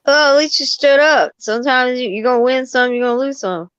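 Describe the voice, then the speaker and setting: A woman's voice: high voice, brisk, a bit bright, clear, resonant tone, no echo. A woman chatting casually about her son, loose and talkative with slang. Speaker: parent sharing stories in chat. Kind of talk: casual chat. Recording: dry, dull lo-fi sound.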